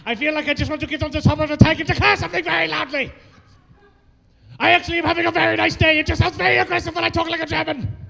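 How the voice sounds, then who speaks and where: A man putting on a loud, clipped, aggressive-sounding German man for laughs. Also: very high voice, fairly even intonation, very fast, vocal fry, voice pushed up, exaggerated voice. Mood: barking. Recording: echoey hall from far off.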